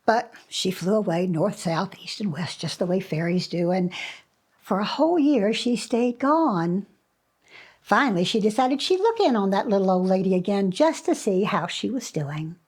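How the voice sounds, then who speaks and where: Her voice is husky and mid-range as she spins a fairy tale for children, animated and expressive throughout, with pauses for dramatic effect.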